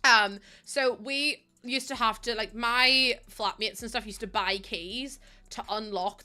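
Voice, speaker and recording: A woman's voice: fairly high pitch, a little slow, pushed and bright, soft background music. A young woman chatting casually to her live chat as a streamer, laughing often and filling with "like". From United Kingdom.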